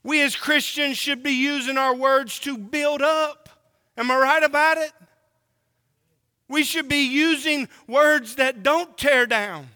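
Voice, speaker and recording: Preacher, male, from Oklahoma; very high, bright delivery in a reverberant hall. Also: fairly even intonation. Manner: emphatic, drawn-out preaching with rhetorical questions. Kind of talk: sermon.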